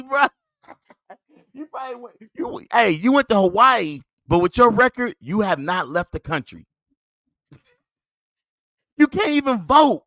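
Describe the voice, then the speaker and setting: High, lively, mocking podcast host man. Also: no echo. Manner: mocking, scolding, laughs at the other man. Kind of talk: heated commentary on a played clip.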